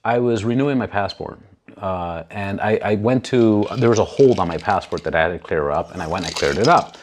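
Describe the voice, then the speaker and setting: A man telling a long story in a casual podcast conversation, animated, swearing freely and acting out what other people said. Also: on the low side, a little fast, a little hiss or hum.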